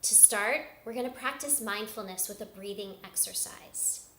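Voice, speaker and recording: A woman leading a yoga lesson for children, giving slow, gentle, sing-song instructions. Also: mid-range voice, a little hiss or hum. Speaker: kids yoga teacher. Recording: echoey room, voice from far off.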